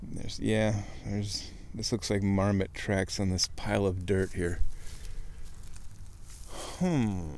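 A man hosting a casual nature chat outdoors by a creek, a chatty storyteller who jumps into high mock voices when quoting people. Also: flat delivery, takes it slowly, darkish tone, a little hiss or hum. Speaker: host.

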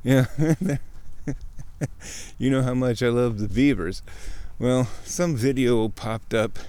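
Man, host, casual chat outdoors by a creek, chatty storytelling, high mock voices for quotes. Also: slow pace, warm tone.

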